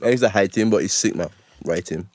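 A man, co-hosting a casual chat and telling animated, slangy stories. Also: on the low side, a little fast. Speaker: podcast co-host.

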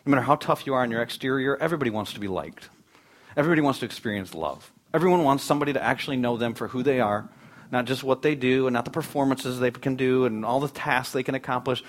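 A man in his thirties, a pastor preaching a conversational sermon with animated storytelling in a church. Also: medium pitch, fast talker.

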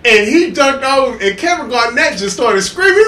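A man with a high, very lively voice tells sports stories in loose, excitable podcast chat, jumping into acted quotes and laughing loudly. He was recorded in an echoey room with a faint hiss behind him. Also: moderate pace. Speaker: podcast co-host. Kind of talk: casual chat.

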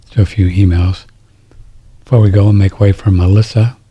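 A man's voice: lowish voice, little pitch movement, brisk, slightly rough, muffled recording. A middle-aged man hosting a talk radio show, rambling and indignant, often restarting his sentences. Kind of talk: casual talk radio monologue.

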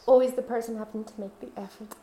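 A woman's voice: on the high side, steady tone, fast talker, dark tone. Heartfelt woman sharing her faith testimony. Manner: heartfelt, confiding storytelling. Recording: roomy echo.

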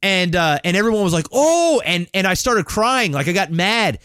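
A man's voice: high-pitched, fairly quick, clear, resonant tone, no room sound, clean studio sound. A man co-hosting a podcast, telling a long childhood story in a rambling, profane, casual way. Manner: rambling, profane, animated when excited. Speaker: podcast co-host.

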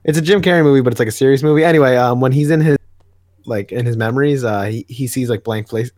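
A man's voice: mid-range voice, quick pace, darkish tone, dry recording, studio quality. A man co-hosting a casual comic book podcast, recapping plots with lots of filler words. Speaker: podcast co-host.

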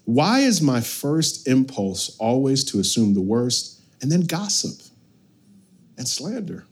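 A man preaching a sermon as pastor, animated, swinging from loud bursts to hushed lines. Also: mid-range voice, slow pace, slightly rough.

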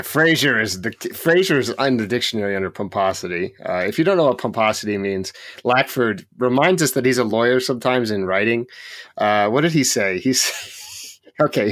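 A man co-hosting a podcast in casual chat, opinionated and ranting with quick jokes. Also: on the low side, fairly bright tone, no echo, studio quality. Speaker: podcast co-host.

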